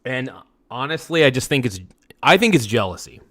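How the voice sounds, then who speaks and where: A man streaming live, venting angrily at a friend, swearing, repeating himself and swinging from low mutters to sudden outbursts. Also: sing-song, a little fast, a bit bright. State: upset. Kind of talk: angry live-stream rant.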